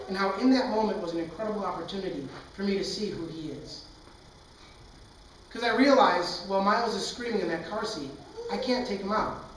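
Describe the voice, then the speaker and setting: A man's voice: high voice, a bit bright. Young male pastor, earnest storytelling sermon, recorded in a reverberant hall with faint noise. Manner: candid storytelling, earnest and impassioned. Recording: echoey hall, far from mic.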